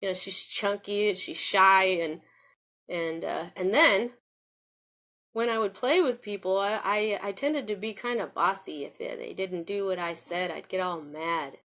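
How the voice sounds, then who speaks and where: A woman's voice: medium pitch, measured pace, fairly bright tone. A woman telling a personal story to camera, rambling and circling back with many restarts and fillers in an earnest, confiding way. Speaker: vlogger. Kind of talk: personal spoken reflection.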